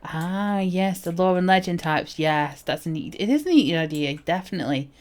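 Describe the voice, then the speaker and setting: A woman streaming a game, chatting in a relaxed, low-key way with lots of fillers. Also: normal speed. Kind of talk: casual gaming chatter.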